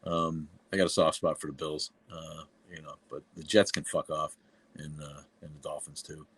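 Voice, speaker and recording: A man's voice: very deep voice, little pitch movement, moderate pace, a bit bright, husky. A middle-aged man from New England with a New England accent, hosting a casual livestream and talking bluntly and profanely, with many fillers and restarts. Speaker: livestream host.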